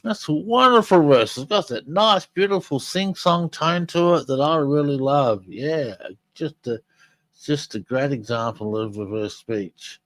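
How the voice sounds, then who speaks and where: A man's voice: on the high side, measured pace, fairly bright tone, dry recording, rough recording. A man hosting a live podcast, talking casually and rambling with many fillers and restarts. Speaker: podcast host.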